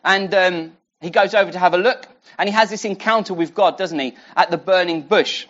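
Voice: mid-range voice, fairly quick, dull audio. A preacher teaching a Bible passage in a conversational sermon, full of restarts and rhetorical questions.

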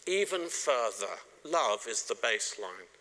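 Speaking a little slowly in a sing-song, medium-pitched voice, a middle-aged preacher addresses his congregation directly about marriage. He's warm and cracks jokes now and then.

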